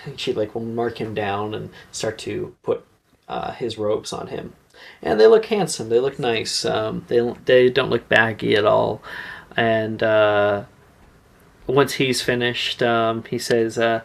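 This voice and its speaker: A man narrates as game master in a tabletop game. He talks in a chatty, rambling way at an ordinary middle pitch. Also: takes it slowly, creaky.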